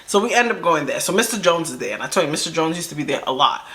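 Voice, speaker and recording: A woman's voice: low voice, racing. A woman telling a personal story to camera in a casual vlog, acting out the quoted dialogue as she goes. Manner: animated, acts out quoted dialogue. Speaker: storytime vlogger. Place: indoors under camera lights.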